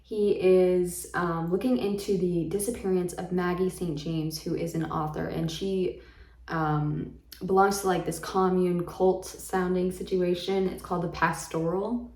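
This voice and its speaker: A woman's voice: fairly low pitch, flat delivery, measured pace, darkish tone. A woman casually chatting about the books she plans to read, rambling a little with frequent ums and likes. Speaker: book vlogger. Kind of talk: casual book chat. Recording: echoey room.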